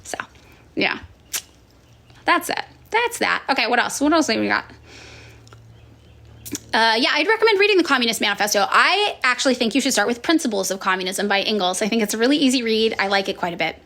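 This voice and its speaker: Woman influencer, fairly high and very lively pitch, frank, profane, chatty viewer Q&A. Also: a little fast, long pauses. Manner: frank and profane, acts out quoted people in sudden high voices; chatty with many fillers and sighs. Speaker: political influencer answering viewer questions. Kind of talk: casual chat.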